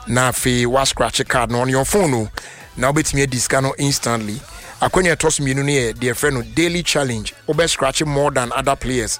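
Lively Ghanaian radio host man. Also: medium pitch. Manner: lively, breaks into sung phrases, mixes Twi and English. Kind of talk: radio talk and ad reads.

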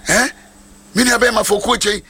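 High animated preacher with a gravelly edge. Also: male voice, moderate pace. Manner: animated, shouting declarations, mixing English phrases into Twi. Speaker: pastor. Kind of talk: sermon with prophetic declarations.

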